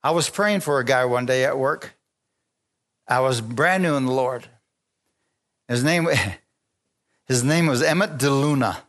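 A man preaching a sermon, telling stories with lively energy, stopping often to restart phrases and calling for amens. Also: medium pitch, measured pace, pauses often. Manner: animated storytelling with frequent restarts and calls for amen.

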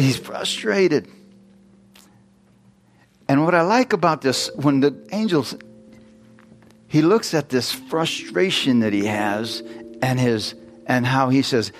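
Pastor mid-sermon, chatty and questioning, faint music behind. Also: male voice, medium pitch. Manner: asks the congregation questions, jokes, reads scripture aloud.

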